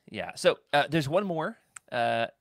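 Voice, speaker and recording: Animated, joking male podcast co-host. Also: medium pitch, gravelly, dry recording, studio quality. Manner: joking, animated, laughs often. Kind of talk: casual chat.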